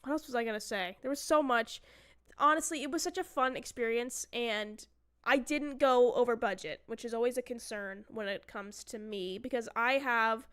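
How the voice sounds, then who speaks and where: Chatty, smooth-voiced woman storyteller. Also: a little high, normal speed, fairly bright tone. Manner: chatty storyteller who acts out quotes and swears. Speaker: streamer. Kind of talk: casual chat.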